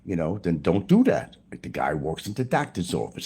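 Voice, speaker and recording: A man's voice: low voice, wildly swooping pitch, a little fast, few pauses, warm tone, breathy edge. A man delivering a blunt, profane, preachy rant as a YouTuber. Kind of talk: ranting monologue to camera.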